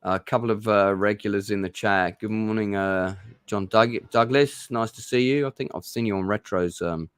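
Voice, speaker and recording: Brief: male streamer, fairly low voice, loose rambling chat, dry close sound. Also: moderate pace, few pauses, fairly bright tone, clear, resonant tone, no echo. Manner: rambling, full of restarts and ums. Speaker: livestream host. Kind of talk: casual chat.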